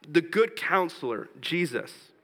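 A man preaching a sermon as pastor, earnest, slowing down for scripture and rising in pitch and force when he exhorts. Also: lively intonation, fairly bright tone, big-room sound, poor audio. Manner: slows down for scripture and tender points.

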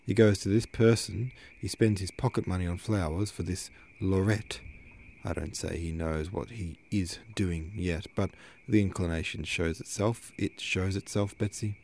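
A man doing a storybook father, middle-aged, stern, indignant, pained, low voice. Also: steady tone, moderate pace, gravelly, darkish tone, slight background noise.

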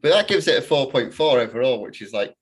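A man's voice: mid-range voice, sing-song, fast, a little hiss or hum, rough recording. A man hosting a film podcast, talking casually and rambling with many fillers and restarts. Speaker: podcast host. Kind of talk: casual chat.

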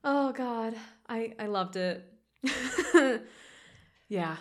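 A woman co-hosting a casual film discussion podcast, animated and quick to laugh, often acting out lines in other voices. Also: a little high. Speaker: podcast co-host.

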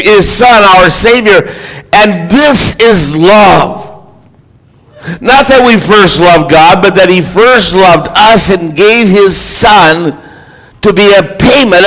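A man's voice: high voice, fairly bright tone, rough recording. A man preaching a sermon as a pastor, in an earnest, exhorting delivery.

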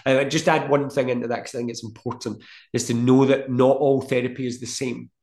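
A man's voice: medium pitch, fairly even intonation, brisk, a little mellow. A middle-aged man, speaking as a podcast guest. He talks earnestly and explains with everyday comparisons. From Scotland. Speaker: guest, mental health practitioner. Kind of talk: casual podcast conversation. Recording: echoey room.

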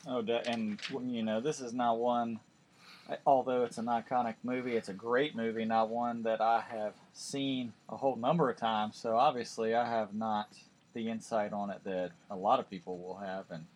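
A man's voice: mid-range voice, flat delivery, normal speed, darkish tone, slight background noise. A man co-hosting a casual podcast, laid-back and hesitant, using many fillers. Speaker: podcast co-host. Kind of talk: casual chat.

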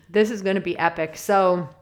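A woman's voice: mid-range voice, moderate pace. A woman hosting a casual solo podcast, chatty and upbeat, laughing often and wandering off on tangents. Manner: chatty and self-deprecating, laughs often and digresses; enthusiastic and upbeat. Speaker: podcast host.

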